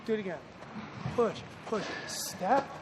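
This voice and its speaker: Man, lacrosse coach, high voice, energetic shouted pointers, noisy practice recording. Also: measured pace. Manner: energetic, calls out praise and instructions. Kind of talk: on-field coaching.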